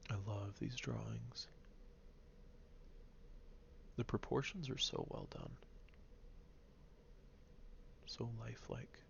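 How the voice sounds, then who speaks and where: A man reading a novel aloud, pausing to comment and sometimes stumbling and rereading lines. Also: mid-range voice, huge pitch swings, vocal fry, lo-fi sound, slight background noise. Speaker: reader.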